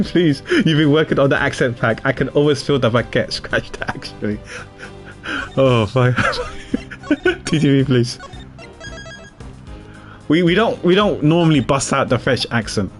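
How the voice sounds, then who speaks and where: A man streaming a game and chatting casually to viewers in a quick, self-mocking way. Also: fairly high pitch, sing-song, faint music behind. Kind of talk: casual live-stream chat.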